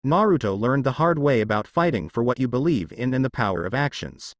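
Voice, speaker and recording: A man reads fan fiction aloud, steady and plain, though his pitch moves a lot. The sound is dry and close to the mic. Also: brisk, no room sound, muffled recording. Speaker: narrator.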